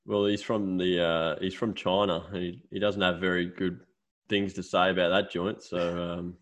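A man's voice: deep voice, little pitch movement, normal speed. An Australian man co-hosting a podcast, telling stories in a casual, swearing way. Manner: swearing storyteller. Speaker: podcast co-host. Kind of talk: casual chat.

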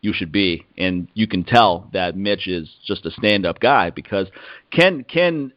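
A man hosting a casual podcast chat, telling stories in an animated way and mimicking the people in them. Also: deep voice, measured pace, dry recording. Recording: dry, dull lo-fi recording.

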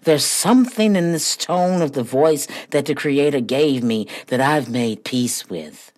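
A woman hosting a motivational podcast, talking in a preachy, emphatic way that swells to near-shouting. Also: measured pace. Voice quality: husky, low voice. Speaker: podcast host.

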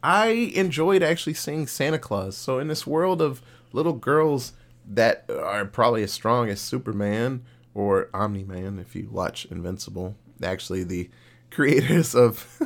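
A young man co-hosts a casual podcast, running through a cartoon plot with lively, swooping intonation at an ordinary middle pitch. He swears freely and keeps the retelling animated. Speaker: podcast co-host. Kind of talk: casual podcast chat recapping an episode.

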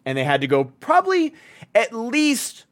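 A man co-hosting a podcast in casual chat, rambling and excited with lots of filler words. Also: extremely high pitch, normal speed. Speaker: podcast co-host.

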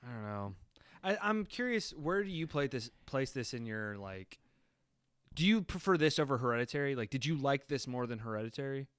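A man's voice: mid-range voice, animated, brisk, fairly bright tone, clean tone, dry recording, studio quality. A man co-hosting a podcast, talking casually about a film and ranting with casual swearing. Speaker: podcast co-host.

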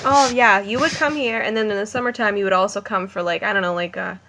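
A young adult woman, animated and laughing as she tells stories in a casual chat. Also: medium pitch, fast talker. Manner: animated storyteller, laughs often. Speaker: co-host.

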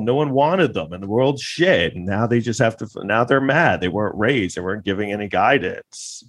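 A man's voice: on the low side, expressive, brisk, hardly any pauses, breathy edge. A man delivering a rambling, sarcastic, profane monologue as a podcast host. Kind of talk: casual ranting monologue.

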